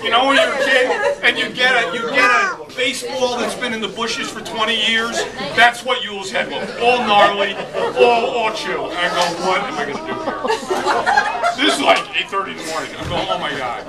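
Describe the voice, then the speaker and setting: A middle-aged man telling a comic anecdote at a reunion, laughing as he goes and breaking into loud outbursts. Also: very high voice, steady tone, fairly quick. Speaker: storyteller at a reunion. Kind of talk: animated anecdote told to a crowd. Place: crowded reunion gathering. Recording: distant camera audio in loud crowd.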